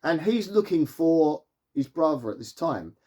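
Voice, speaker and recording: A man's voice: on the high side, sing-song, measured pace, dark tone. Rambling chatty man reviewing a film. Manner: rambling, chatty, filler-heavy with frequent laughs.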